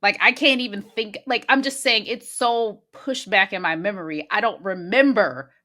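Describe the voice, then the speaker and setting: A woman co-hosting a podcast, chiming in with quick reactions and short comments during a casual movie recap. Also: medium pitch, sharp tone. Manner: chimes in with short agreeing remarks and quick reactions. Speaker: podcast co-host.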